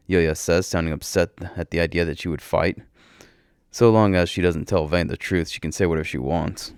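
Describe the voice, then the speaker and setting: A man reads a first-person story aloud, brisk and wry, with bursts of excitement. His voice is very low. The sound is dry and close, with no room to it. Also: clean tone, no room sound.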